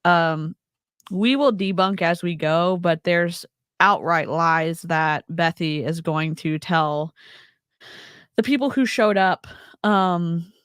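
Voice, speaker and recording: A woman's voice: on the low side, slow pace, fairly bright tone, smooth, no echo, studio quality. A woman hosting a casual chat on a video call, talking in a chatty way with lots of fillers. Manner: chatty, laughs often, filler-heavy. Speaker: host.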